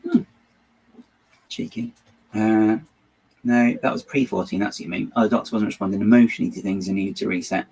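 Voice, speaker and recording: A man's voice: on the low side, brisk, vocal fry, long pauses, a little mellow, breathy edge, poor audio. A man chatting casually while he builds, giving rambling, hesitant and wry opinions as the host.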